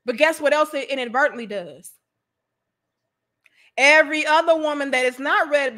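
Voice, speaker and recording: Woman host, St. Louis accent, high bright voice, animated and profane livestream talker. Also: normal speed, pauses often. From St. Louis, USA. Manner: animated, profane, laughs often, riffs on viewer comments. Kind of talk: livestream commentary to viewers.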